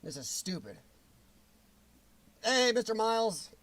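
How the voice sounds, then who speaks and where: A man with a notably high voice rants on his livestream, angry and sarcastic and heavy on the profanity. He sits at his computer at home, and the sound is dry and close, with no room echo. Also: big pitch swings, slow, fairly bright tone. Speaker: livestream host. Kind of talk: ranting political livestream.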